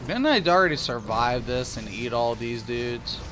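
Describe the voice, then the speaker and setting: A man's voice: mid-range voice, lively intonation, normal speed, background noise. A man from Ohio, casually chatting on a livestream while he plays a game, rambling and joking as he reads chat aloud. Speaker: streamer.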